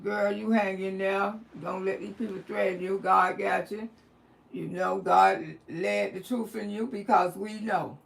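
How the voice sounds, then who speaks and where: A woman hosting a live stream, her voice edged with a rough, gravelly fry. She talks in an expressive, colloquial way and laughs often, sliding easily between chatting and calling out to her audience. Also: medium pitch, a little slow. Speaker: livestream host. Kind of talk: casual live-stream chat.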